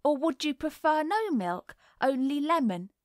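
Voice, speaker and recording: A woman's voice: high-pitched, very animated, a little slow, dry recording, studio quality, pitched above the performer's own voice. A woman voicing a vain, prim little girl who plays hostess and shrills when upset in a storybook reading.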